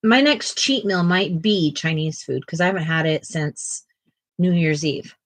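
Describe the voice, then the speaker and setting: A woman hosting a casual livestream, chatting and reading viewer comments aloud, now and then cooing softly to a fussy pet at home. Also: fairly low pitch, unhurried, no room sound. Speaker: art channel host.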